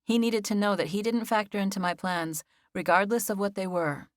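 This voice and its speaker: A woman reading a first-person novel as an audiobook narrator, with measured, even storytelling. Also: mid-range voice, dry recording, studio quality.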